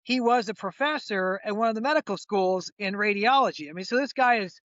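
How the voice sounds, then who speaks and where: Animated older man telling a story. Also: sits high, a little fast, no echo, lo-fi sound. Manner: animated storyteller, acts out quoted voices, frequent restarts. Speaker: chiropractor guest. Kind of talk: conversational storytelling.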